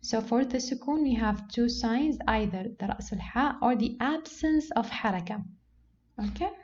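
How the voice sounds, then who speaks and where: A patient woman teacher explains step by step, pausing on "okay" and slowing down to model each word. Her voice sits fairly high and sounds mellow. The recording is dull and lo-fi, with a faint hiss behind it. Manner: patient, repeats "okay" often, slows to model words. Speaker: Quran recitation teacher. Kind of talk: explanatory lesson on reading marks.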